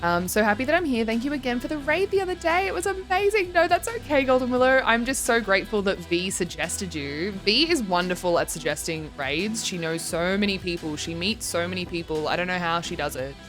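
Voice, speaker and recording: A woman's voice: mid-range voice, expressive, a little fast, hardly any pauses, fairly bright tone, faint music behind. A young woman streaming and chatting casually, reading her chat aloud and giggling often. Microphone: desk microphone.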